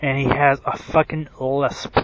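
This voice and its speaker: A man's voice: medium pitch, flat delivery, unhurried, dry recording, lo-fi sound. A man ranting in a rambling, profane monologue, full of fillers and restarts, who says his own voice is bad. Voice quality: self-described bad voice. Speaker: wrestling commentary vlogger.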